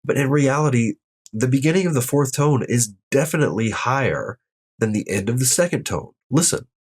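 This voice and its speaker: A man with a slightly husky voice leads an online language lesson in an upbeat way and speaks straight to his viewers. His pitch moves a lot as he walks through each rule step by step, and he sounds every example out loud. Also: lively intonation, fairly quick. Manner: explains step by step and demonstrates each tone aloud; upbeat, addresses viewers directly. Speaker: Mandarin tone teacher.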